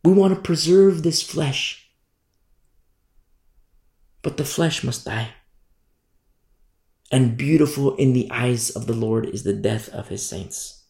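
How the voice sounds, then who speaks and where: A man's voice: mid-range voice, takes it slowly, creaky, long pauses, darkish tone. A male pastor preaching a fervent sermon, driving points home with repetition. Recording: roomy echo.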